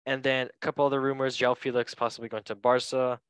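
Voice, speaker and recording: A man's voice: medium pitch, flat delivery, fast, clear, resonant tone, dry recording, low-quality recording. A man hosting a casual football podcast, chatty and joking, correcting himself as he reads through transfer news. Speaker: podcast host.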